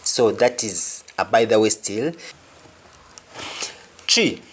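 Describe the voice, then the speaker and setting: Slow, deliberate male language teacher. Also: lowish voice, expressive, fairly bright tone, a little hiss or hum. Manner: explanatory, repeats each example phrase twice. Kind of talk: video language lesson.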